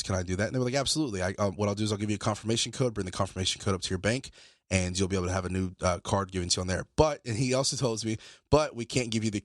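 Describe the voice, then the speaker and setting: A man, a podcast co-host, telling a story in casual talk, animated and swearing, acting out both sides of phone calls. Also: lowish voice, no echo, clean studio sound.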